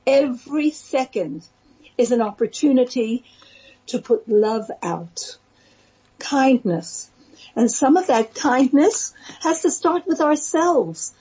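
A woman teaching a Torah talk in a slow, earnest, pleading cadence. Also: high-pitched, expressive, dark tone, breathy edge. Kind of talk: spiritual talk. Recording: muffled lo-fi recording.

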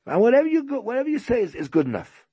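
A man's voice: lowish voice, animated, measured pace, a little mellow, breathy edge, no room sound, highs cut off, exaggerated voice. A man voicing an older male host who keeps pleading and insisting with a guest.

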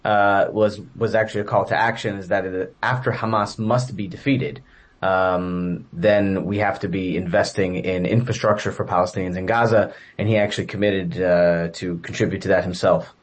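A man with a fairly low voice answers interview questions as an educator. He lays out his points in order and pauses often with uh and um. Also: fairly even intonation. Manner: measured, many fillers. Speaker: guest commentator, educator.

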